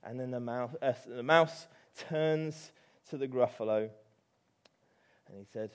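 A man's voice: medium pitch, unhurried, pauses often, clean tone. A man with an English accent preaching a sermon, telling a story with animation and rising to emphatic peaks.

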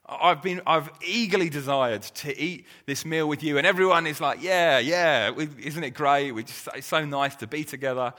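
A man's voice: mid-range voice, sharp tone. A man preaching a sermon, retelling a story in a conversational way and acting out the quotes. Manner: conversational, with restarts and acted quotes.

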